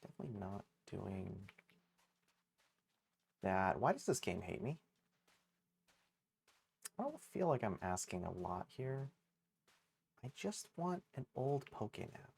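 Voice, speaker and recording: A man's voice: mid-range voice, creaky, a little mellow. Rambling, self-mocking male streamer. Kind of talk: casual gaming livestream chatter.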